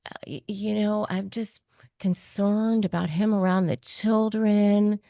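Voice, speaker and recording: A woman doing a sly, fake-concerned gossip who murmurs hushed and hesitant, all false sympathy and little stammers, in a dry close-up sound with no room at all. the voice sits a touch higher than plain speech. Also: steady tone, slow, gravelly, no echo. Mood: fake worry. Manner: soft, hesitant, faux-worried.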